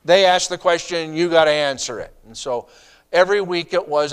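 A middle-aged pastor preaching a sermon in a conversational way, asking the congregation rhetorical questions and adding asides. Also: male voice, on the high side, a little fast, clean tone.

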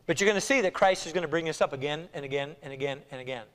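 A man preaching an expository sermon as pastor, animated and acting out the voices of people he quotes. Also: fairly high pitch, racing. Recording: long hall reverb.

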